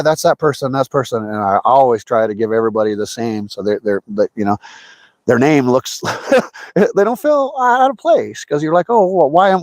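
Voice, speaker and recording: A man's voice: medium pitch, no echo. A man hosting a fishing livestream outdoors, chatting casually with viewers and greeting them by name. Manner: chatty, greets viewers by name, excitable when a fish bites. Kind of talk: casual live chat while fishing. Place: outdoors by a trout stream.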